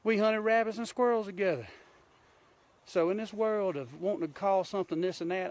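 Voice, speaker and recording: A man's voice: high voice, a little fast. A man from Georgia with a Southern accent, a hunting show host ranting bluntly and folksily on a live stream from a mountain outdoors, filmed on a handheld phone. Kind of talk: impassioned live-stream rant.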